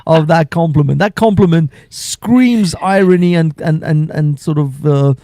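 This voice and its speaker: A man's voice: a little high, a little slow, dark tone, no echo, studio quality. A man hosting a late-night live stream, sleep deprived, rambling and laughing often in casual chat.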